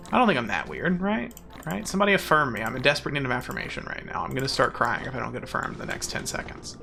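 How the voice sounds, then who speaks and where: A man's voice: mid-range voice, pushed and bright. Rambling, goofy young male game streamer. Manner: rambling, self-mocking and goofy. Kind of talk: casual gameplay chatter.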